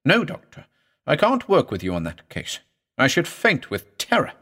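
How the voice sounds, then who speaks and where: A man's voice: a little high, sing-song, unhurried, a bit bright, voice pushed up, heavily acted. A man voicing a terrified female chief nurse who speaks in a faltering, tearful way.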